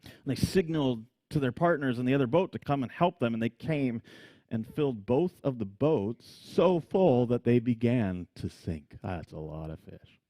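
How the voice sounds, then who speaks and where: A man preaching a sermon, telling the story with animated energy, frequent laughs and acted-out scenes. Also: medium pitch, moderate pace, dry recording. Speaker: pastor.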